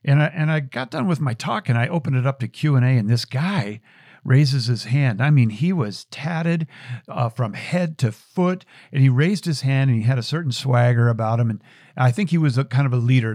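A man's voice: medium pitch, moderate pace, darkish tone, no room sound, studio quality. A middle-aged man hosting a show, telling a personal story in an earnest, reflective way with frequent restarts. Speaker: show host.

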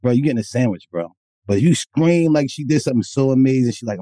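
A man co-hosting a podcast, talking crudely and loudly, swearing and laughing as he jokes. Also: mid-range voice, expressive, fast talker, dry recording. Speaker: podcast co-host. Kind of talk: crude casual chat.

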